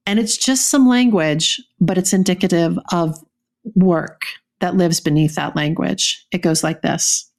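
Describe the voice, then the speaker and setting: A woman's voice: lowish voice, a little slow, darkish tone. A woman co-hosting a podcast, talking in an earnest, reflective way and often restarting her sentences. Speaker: podcast co-host. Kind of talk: casual podcast conversation.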